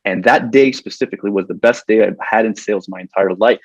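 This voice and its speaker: A lower-voiced man with a husky edge tells a personal story on a podcast, earnest and animated as he acts out his own past thoughts. The sound is dry and a little dull, with no room around it. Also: fast talker, no room sound. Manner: earnest, gets emotional telling the story. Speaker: podcast guest, corporate trainer.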